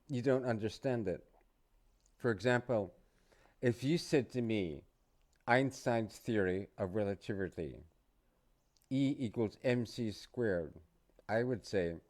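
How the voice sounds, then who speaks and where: A middle-aged man teaching English phrases to learners, repeating each phrase slowly and casually. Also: lowish voice, darkish tone. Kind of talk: casual online English lesson.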